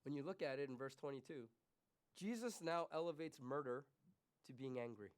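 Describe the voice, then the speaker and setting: A man preaching a sermon as pastor, swinging between quiet, confessional remarks and raised, emphatic questions to the congregation. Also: mid-range voice, lively intonation, normal speed, clean tone. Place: church.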